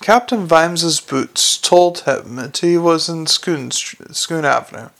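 A man's voice: fairly high pitch, slow, vocal fry, fairly bright tone. A man reading a comic fantasy novel aloud, with occasional slips and self-corrections. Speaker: narrator.

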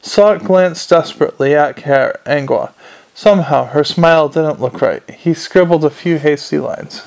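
A man narrating a novel aloud in a steady reading voice, with small slips and restarts. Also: on the high side, moderate pace, creaky. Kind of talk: amateur audiobook reading.

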